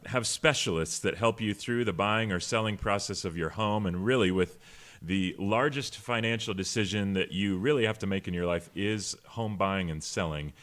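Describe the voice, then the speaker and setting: A man with a notably deep, low voice co-hosts a casual talk podcast. He jokes and chuckles through the banter, then reads sponsor copy in an easy, practiced way. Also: normal speed, fairly bright tone. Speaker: podcast co-host.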